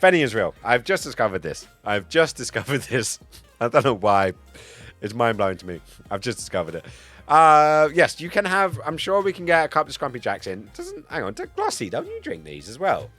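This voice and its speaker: A man streaming live in casual chat, a bit tipsy, excitable and swearing, swinging between loud outbursts and low mumbles. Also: brisk, faint music behind. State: tipsy from cider.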